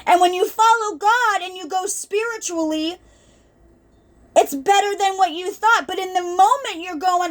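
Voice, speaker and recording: Lady with a high voice telling her faith journey off the cuff, earnest and rambly, gets emotional. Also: a little slow. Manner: earnest, rambling, with restarts and quoted asides. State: emotional at times. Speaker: ministry video host. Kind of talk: unscripted spiritual testimony to camera.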